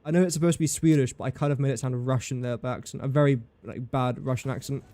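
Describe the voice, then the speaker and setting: A man's voice: mid-range voice, fairly even intonation, quick pace, dark tone. A man streaming live gameplay commentary, thinking aloud in a chatty way, talking to his game and to viewers in chat.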